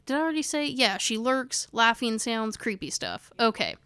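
A woman's voice: on the high side, expressive, moderate pace, sharp tone, clean tone. A woman co-hosting a casual podcast, chatting and reading from notes, rambling and stumbling over hard words while she laughs along. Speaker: podcast co-host.

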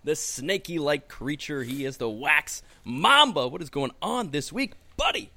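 A man with a high, bouncy voice hosts a casual podcast. His pitch swings widely as he builds up each co-host with announcer-style hype. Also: animated, a little slow, creaky, bright, forceful tone, slight background noise. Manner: upbeat, hype-style introductions.

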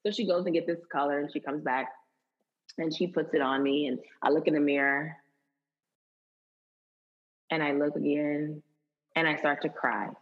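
A lively woman guest with a low-pitched, husky voice tells a story in a relaxed interview. She laughs easily and acts out the people in it. The recording sounds dull and lo-fi. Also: normal speed, long pauses.

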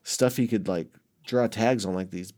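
A man casually telling a rambling, heavily profane story about his past, with many restarts, swinging between muttered asides and loud bursts. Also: fairly low pitch, normal speed. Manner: rambling, heavy swearing, frequent restarts.

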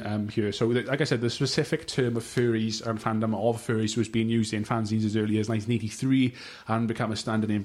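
A man's voice: mid-range voice, darkish tone. A man hosting a casual podcast chat, reading notes aloud in a rambling, sweary way and tripping over long words. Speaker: podcast host.

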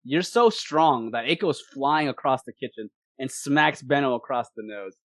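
A man narrating a tabletop game as game master in an animated way. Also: medium pitch, moderate pace, no room sound. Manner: animated, laughing often.

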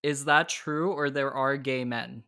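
A man's voice: medium pitch, fairly even intonation, unhurried, sharp tone. A man hosting a podcast, chatting eagerly and giggling with his guest. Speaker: podcast host. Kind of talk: casual interview chat.

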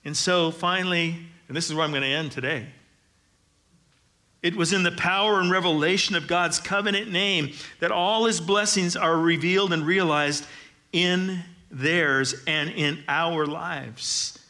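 A man's voice: a little high, measured pace, pushed and bright. A middle-aged man preaching a sermon as pastor, conversational with joking asides, building to emphatic declarations.

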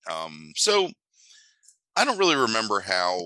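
A man's voice: fairly low pitch, wildly swooping pitch, unhurried, pushed and bright, no echo, poor audio. A man co-hosting a casual movie podcast, talking in a dry, sardonic way with frequent ums. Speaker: podcast co-host.

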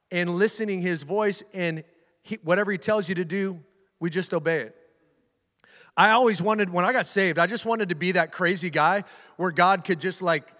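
High-voiced man preaching in a reverberant hall. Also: a bit bright. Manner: conversational preaching with frequent restarts and asides to the congregation. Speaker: pastor. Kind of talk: sermon. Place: church sanctuary.

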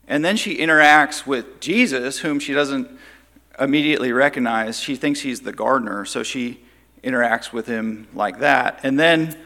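A man leads a Bible study, retelling the story in a conversational way and briefly voicing the quoted lines. His voice is bright and forceful, and a long hall reverb trails after it. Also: mid-range voice. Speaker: Bible teacher.

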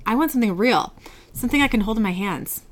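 A woman voicing a taunting, gruff infected zombie man who speaks with menace, in a lower register than her own voice. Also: animated, fast talker, close to an everyday voice.

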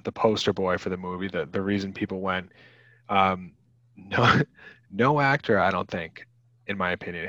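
A low, slightly bright male voice with no room sound belongs to a man in his thirties co-hosting a casual movie show, picked up by a dull lo-fi podcast mic. He rambles, often restarting and leaning on fillers.

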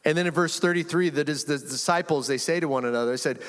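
A man preaching a conversational, animated sermon as pastor in a church, acting out quotes and chuckling often. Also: on the high side, fast talker. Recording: long reverb of a large room.

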